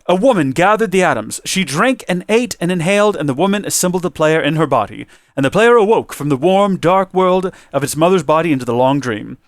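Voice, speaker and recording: A man's voice: on the high side, lively intonation, no room sound, clean studio sound. A man reading as ancient cosmic beings. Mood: solemn. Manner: solemn, measured recital. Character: genderless cosmic beings, ancient, calm, addressing a player. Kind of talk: reading a game's ending poem aloud.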